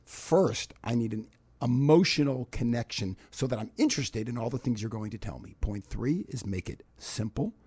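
A man speaks as a guest expert on a radio talk show, walking through his points one by one. His voice is warm and a little husky, and his pitch rises and falls a lot as he explains. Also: moderate pace. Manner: explains in lists, animated.

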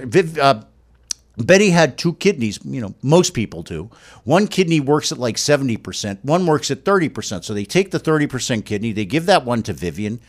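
Guest, middle-aged male, higher register, emphatic and gushing, repeats phrases. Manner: emphatic and effusive, repeats himself. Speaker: guest telling his wife's kidney transplant story. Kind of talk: casual emotional storytelling.

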